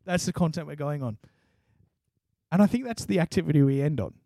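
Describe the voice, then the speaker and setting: A man's voice: on the high side, a little fast, creaky, no room sound, clean studio sound. A young man co-hosting a podcast, telling stories with lots of swearing and laughter. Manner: laughing, animated storytelling, swears freely. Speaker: podcast co-host. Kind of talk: casual chat.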